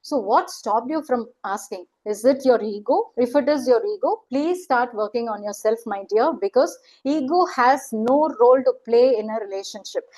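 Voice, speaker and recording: High-voiced woman coaching. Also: moderate pace, hardly any pauses, darkish tone, poor audio. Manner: earnest, questioning, coaxing; acts out quoted voices. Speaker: life coach. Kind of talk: online motivational talk.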